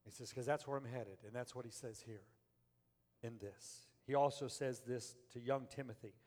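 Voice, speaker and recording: A middle-aged man preaching a sermon as pastor, swinging from quiet, drawn-out phrases to loud, animated stretches. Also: medium pitch, in a large hall.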